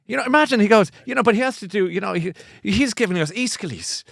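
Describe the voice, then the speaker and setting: A man with an Irish accent hosting a book show, chatty and animated, often laughing at himself. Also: high voice, fast talker, gravelly, no echo. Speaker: host. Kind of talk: casual chat.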